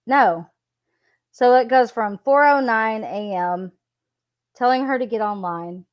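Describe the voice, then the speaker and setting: A woman reading text messages aloud and adding casual commentary, in an unhurried, plain delivery. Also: a little high, lo-fi sound. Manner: unhurried, reads quotes in a plain voice. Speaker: true crime commentator.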